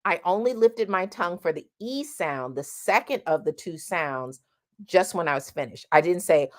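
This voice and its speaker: A woman's voice: lowish voice, animated, normal speed. A woman teaching a singing lesson, explaining vowel sounds and singing short vowel demonstrations between her explanations.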